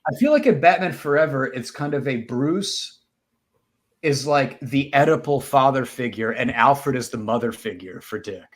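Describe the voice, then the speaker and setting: A man's voice: mid-range voice, moderate pace. Rambling man chatting on a podcast. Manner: rambling, self-interrupting, animated when joking. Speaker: podcast co-host. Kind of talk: casual chat.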